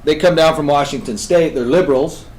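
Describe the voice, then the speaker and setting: A man on a talk show, telling a story with energy. He swings between loud, emphatic bursts and hushed, intense passages. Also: fairly high pitch, a little fast, rough recording. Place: radio studio.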